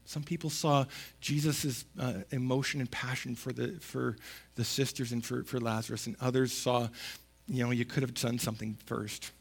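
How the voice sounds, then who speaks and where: A man's voice: medium pitch, little pitch movement, moderate pace, gravelly, slightly rough. A man giving a sermon in a conversational, emphatic way, repeating words for stress and reading scripture aloud. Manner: conversational preaching with emphatic repetition, rising to loud stresses. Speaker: pastor.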